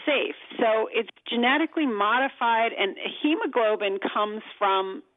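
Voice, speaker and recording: A woman's voice: fairly high pitch, measured pace, no room sound. Emphatic woman on a tinny phone line. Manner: emphatic, explanatory. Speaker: talk show guest.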